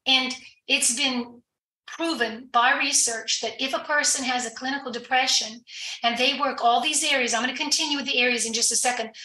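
A woman's voice: high voice, fairly even intonation, normal speed, pushed and bright, reverberant, rough recording. A woman guest on a podcast interview, explaining earnestly in a conversational way, with fillers and restarts. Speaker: guest addiction recovery professional.

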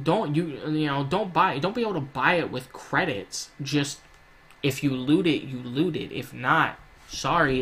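A gaming YouTuber with a fairly high, slightly bright voice gives casual, rambling gameplay commentary. He swears often and keeps drifting into rants.

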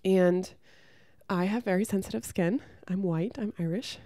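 Blunt, mellow-voiced woman giving advice. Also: medium pitch, normal speed, no echo, studio quality. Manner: frank and blunt, swears freely; lively storyteller who acts out the people she quotes. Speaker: relationship advice creator. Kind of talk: casual advice monologue with storytelling.

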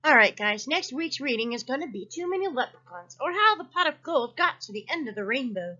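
A woman reading a picture book aloud to children, expressive and asking her young listeners questions. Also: sits high, fairly quick. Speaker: children's story reader. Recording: dull lo-fi recording.

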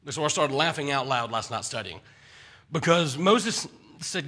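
A man's voice: on the high side, expressive, moderate pace, bright, forceful tone, breathy edge. A man preaching a conversational sermon in a church, often stumbling and restarting his words.

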